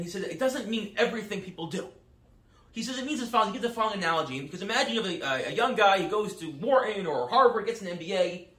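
A man giving a Torah class lecture, telling stories in an animated way and acting out the quotes. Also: high voice, roomy sound. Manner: animated storytelling, acts out quotes with quick asides. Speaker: rabbi teaching a class.

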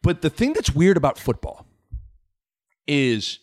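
A man's voice: on the high side, huge pitch swings, a little slow, a little mellow. A man hosting a casual sports talk podcast, rambling and jokey, with frequent restarts as he breaks down a game.

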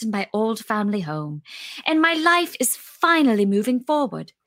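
A woman's voice: a little high, a bit bright, no room sound, studio quality. A woman voicing a guilt-ridden young bookseller in a put-on British accent with a Brooklyn tinge, reading in the first person. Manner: reflective first-person storytelling. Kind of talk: podcast dramatic reading.

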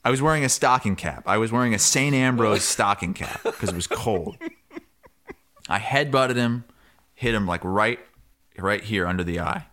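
Animated, lively male podcast storyteller. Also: fairly low pitch, normal speed. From Iowa. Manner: animated storyteller, shouts quoted lines. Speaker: podcast co-host. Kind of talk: casual sports chat, storytelling.

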